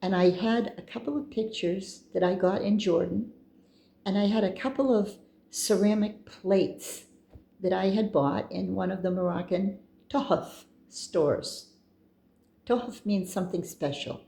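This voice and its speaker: A woman's voice: medium pitch, fairly even intonation, measured pace, gravelly, warm tone, roomy sound. A middle-aged woman telling a personal story in a chatty, meandering way, with asides and quoted dialogue. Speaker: storyteller recounting her own experiences.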